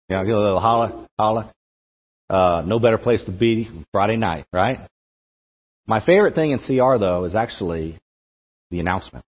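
A young man with a fairly low, breathy voice preaches conversationally to a campus group as a campus ministry speaker. He repeats words as he works through his thoughts aloud. The recording has hall echo and a dull, lo-fi quality.

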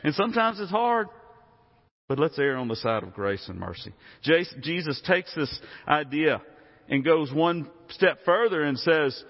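A man's voice: fairly high pitch, lively intonation, unhurried. A man preaching a sermon in a conversational way, often asking the congregation questions. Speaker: pastor. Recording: muffled sound with long hall reverb.

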